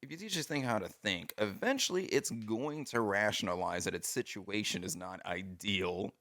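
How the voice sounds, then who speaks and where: A man with a very low, gravelly voice and a bright, forceful tone, chatting casually on a podcast. He explains things at length and keeps dropping "you know" and "like". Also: expressive, moderate pace. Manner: explains at length with many fillers. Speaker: podcast co-host. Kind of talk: casual chat.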